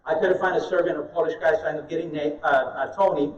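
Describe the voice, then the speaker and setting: A high-voiced man tells animated stories and jokes with an audience during a live meetup talk. He sounds distant and muffled, picked up across an echoey meeting room. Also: fast talker. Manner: animated storyteller, joking with the audience. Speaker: speaker at an investor meetup.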